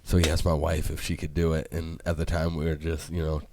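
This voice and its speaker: A man co-hosting a podcast, chatting casually and acting out the people in his stories with lively quotes. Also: rumbling low, a little fast, no echo. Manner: animated storyteller, acts out quotes. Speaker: podcast co-host. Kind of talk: casual chat.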